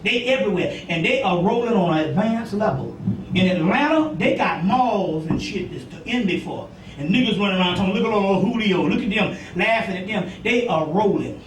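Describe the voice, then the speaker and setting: A man with a very high voice talks to an audience in loose, rambling style, swearing freely and often checking "you see what I'm saying". He is heard from some distance in an echoey room with faint noise behind him. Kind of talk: informal lecture to an audience.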